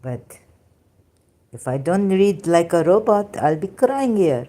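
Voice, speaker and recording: Slow, low-voiced woman reading aloud. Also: sing-song, mellow. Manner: slow, halting reading with asides and fillers. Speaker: religious commentary channel host.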